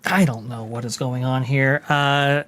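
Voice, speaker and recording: A podcast host chatting casually on a livestream, halting and giggly with many restarts. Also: mid-range voice, steady tone, fairly bright tone.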